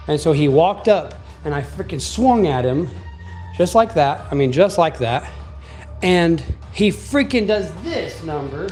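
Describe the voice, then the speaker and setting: A man in his twenties telling a personal story in a casual, animated, emphatic way, swearing freely. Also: fairly high pitch, a little slow, soft background music.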